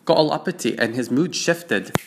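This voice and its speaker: A man's voice: mid-range voice, lively intonation, moderate pace, creaky, background noise. A man telling a first-person story in a wry, confiding way. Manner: wry, confiding, acts out other voices in quotes.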